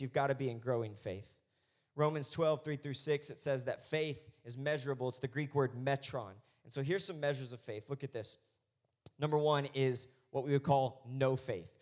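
Male pastor, sermon, conversational preaching, rising to loud fervent stretches, mid-pitched voice.

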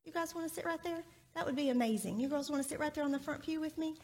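A woman's voice: high voice, rapid-fire, a little mellow. A woman in a church sanctuary giving a children's sermon, friendly and asking the children many questions. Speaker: children's minister.

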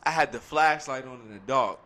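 A young man in his twenties telling a crude story in casual chat, deadpan and slangy. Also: medium pitch, a little fast.

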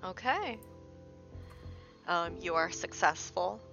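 A woman acts as game master for a tabletop game on a live stream, keeping things easygoing and laughing often. Her mid-pitched voice swoops around a lot, and music is plainly heard behind her. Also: animated, takes it slowly, gravelly, muffled recording. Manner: laid-back, laughs easily.

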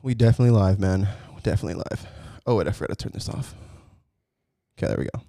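A man's voice: lowish voice, rapid-fire, vocal fry, warm tone, no room sound, studio quality. Young man casually co-hosting a podcast. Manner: joking, laughs often, tries impressions. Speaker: podcast co-host. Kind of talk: casual chat.

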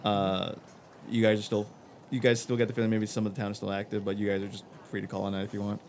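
A man's voice: fairly low pitch, little pitch movement, quick pace, a little mellow, a little hiss or hum. A man narrating a tabletop game as game master, loose and rambling with many fillers.

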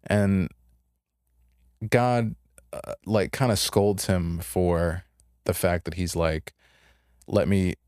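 A man's voice: low-pitched, takes it slowly, pauses often, a little mellow, clear, resonant tone, no echo, clean studio sound. A young man co-hosting a podcast, casually retelling a story and acting out the characters' lines in a laid-back way. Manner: laid-back, retells stories with put-on voices. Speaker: podcast co-host.

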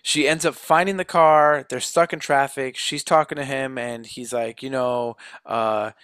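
A man co-hosting a casual chat, retelling a film plot in a loose style with fillers and quick quoted lines. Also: medium pitch, steady tone, fairly bright tone, smooth, no echo. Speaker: co-host recapping a film.

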